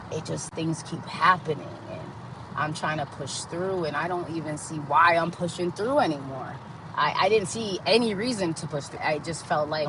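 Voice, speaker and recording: Speaking at a moderate pace in a medium pitch, a podcast host tells a frank story from their own life, performing the quoted dialogue of each person involved. Background noise can be heard.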